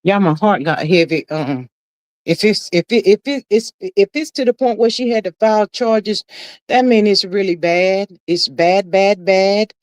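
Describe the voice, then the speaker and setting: A woman's voice: medium pitch, measured pace, dry recording, rough recording. Sassy woman chatting live. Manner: sassy, animated, talks to viewers as "child" and "honey". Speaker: livestream host reading chat. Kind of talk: casual chat about reality TV gossip.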